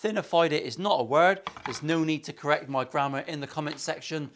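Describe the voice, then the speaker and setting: A man's voice: fairly high pitch, a little fast, a little hiss or hum. A man with an English accent, talking through a guitar build in his workshop with crude jokes and a lot of swearing. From England. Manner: crude, swearing, joking asides. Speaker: luthier. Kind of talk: workshop vlog banter.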